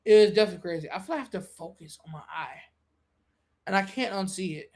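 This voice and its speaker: Quick-paced and casual, a woman hosting a live-stream podcast uses slangy, foul-mouthed language. She's prone to breaking into high, animated rants.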